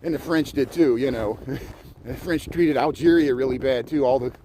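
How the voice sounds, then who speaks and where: An American man talks loosely and digresses as he walks outside, his voice at an ordinary middle pitch. He sounds like he is livestreaming from a handheld phone. A faint hum of traffic sits behind him. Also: moderate pace, dark tone. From United States. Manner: chatty, digressive, talks while walking. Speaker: vlogger livestreaming a city walk. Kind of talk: rambling casual livestream chat. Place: outdoors on winter city streets and paths.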